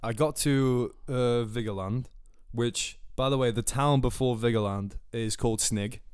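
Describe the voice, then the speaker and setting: A man's voice: medium pitch, unhurried, darkish tone, smooth, dry recording, clean studio sound. A young man, a podcast co-host, telling a crude travel story in casual chat, laughing and acting out the people he met. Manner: crude, laughing, acts out quoted dialogue.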